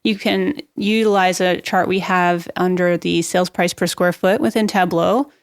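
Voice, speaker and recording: A woman with a somewhat low voice talks as a guest expert on a real estate podcast. She explains marketing tips in a brisk, practical and upbeat way. The recording is dry and close, with no room sound. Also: fairly even intonation, no room sound.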